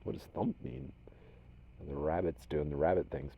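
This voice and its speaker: Gravelly low-voiced man from Minnesota. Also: lively intonation, fairly quick, noisy background. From Minnesota, USA. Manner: rambling, drifts between loud commands and soft whispers. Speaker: spirit medium vlogger. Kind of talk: casual live talk to unseen spirits.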